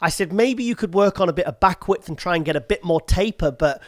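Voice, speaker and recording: A man chats loosely on a podcast, with a voice a touch higher than most men. He rambles, restarts his sentences and fills the gaps. The sound is close and dry, with almost no room. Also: lively intonation, quick pace, no room sound. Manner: chatty, rambling with restarts and fillers. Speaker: podcast host. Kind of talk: casual chat.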